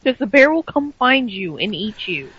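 A woman's voice: on the high side, sing-song, normal speed, fairly bright tone, husky, no echo. A woman co-hosting a wrestling recap show, giving sarcastic, dry commentary. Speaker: wrestling podcast co-host. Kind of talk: casual wrestling recap chat. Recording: dry, muffled lo-fi stream.

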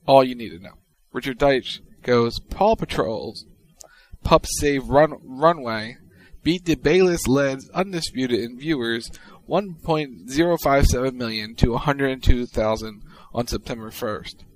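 Dude on a podcast reading tweets, dry and wry, mid-pitched voice. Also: male voice, unhurried, rough recording. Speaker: podcast co-host. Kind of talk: casual chat reading tweets.

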